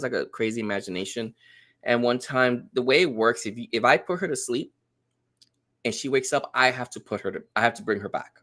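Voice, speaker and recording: Animated man telling a story. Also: medium pitch. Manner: animated storyteller, acts out quotes. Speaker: guest. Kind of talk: casual podcast chat.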